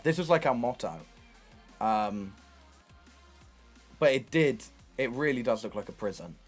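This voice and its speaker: A man's voice: medium pitch, unhurried, pauses often, breathy edge, soft background music. Chatty young man telling stories. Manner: animated, swears freely, loose and chatty. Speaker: streamer. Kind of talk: casual storytelling on a livestream.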